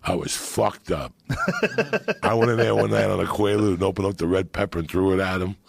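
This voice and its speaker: A middle-aged man telling loud, profane, laughing stories as a podcast guest. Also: low voice, big pitch swings, moderate pace, creaky. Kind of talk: profane storytelling chat.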